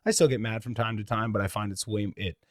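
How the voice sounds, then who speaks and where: A man's voice: on the low side, fairly even intonation, no echo, studio quality. A young man from Canada, a comedian, telling candid, profane stories in a casual podcast conversation. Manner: candid, profane, rapid storytelling.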